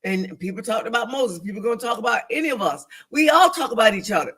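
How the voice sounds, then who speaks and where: A woman co-hosting a church talk show, speaking in an animated, emphatic, preaching-like way, repeating phrases for emphasis and acting out inner voices. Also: fairly high pitch, quick pace, breathy edge. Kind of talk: faith discussion, preaching-like.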